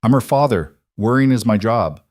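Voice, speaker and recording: A man's voice: medium pitch, lively intonation, normal speed, darkish tone, no echo, clean studio sound, natural voice. A man playing a worried, protective single dad. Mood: urgent protective. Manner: urgent, insistent. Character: protective, anxious single father.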